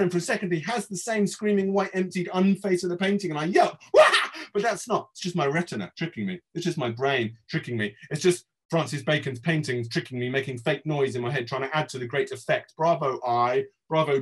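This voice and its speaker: An English author giving a theatrical reading of his own prose, swinging between loud outbursts and quiet murmurs. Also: medium pitch. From England.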